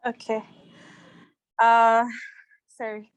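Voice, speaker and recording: A woman's voice: mid-range voice, little pitch movement, slow pace, pauses often, dry recording, rough recording. A young woman asking a question on a video call, earnest and searching for her words. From Uganda. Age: young adult. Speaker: audience member asking a question.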